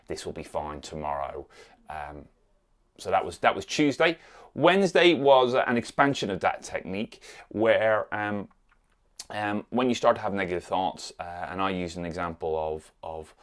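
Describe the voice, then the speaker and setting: A man recording an unscripted vlog on a phone, rambling with many fillers and restarts, sometimes dropping to a near whisper. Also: deep voice. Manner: drops to a near whisper at times. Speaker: vlogger.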